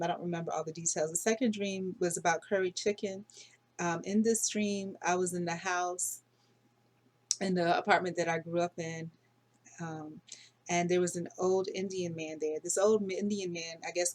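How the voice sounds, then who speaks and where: A woman's voice: on the low side, fairly even intonation, normal speed. A middle-aged woman talking casually through her dreams in a rambling, unsure way, full of fillers and self-corrections. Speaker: dream vlogger. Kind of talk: casual dream diary monologue.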